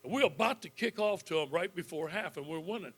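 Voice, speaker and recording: Man in his 50s, somewhat high voice, folksy animated storyteller, club speech, chuckles often. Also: fast, breathy edge. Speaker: football coach giving a club speech.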